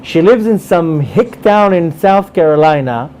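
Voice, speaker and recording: High-voiced, animated storytelling rabbi. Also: male voice, a little slow, poor audio. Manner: animated, repeats phrases for emphasis. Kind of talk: storytelling in a religious class.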